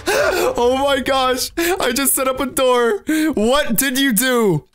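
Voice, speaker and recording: A man doing excited, giggly gameplay commentary, laughing often and teasing. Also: very high voice, slow pace. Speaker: Minecraft YouTuber. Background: faint background music.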